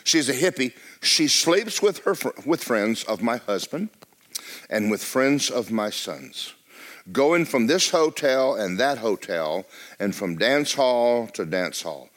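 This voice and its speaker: A man's voice: medium pitch, big pitch swings, slow, a bit bright. A man preaching a sermon, quoting a distraught middle-aged mother who pleads with her pastor about her daughter. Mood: pleading. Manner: pleading, complaining.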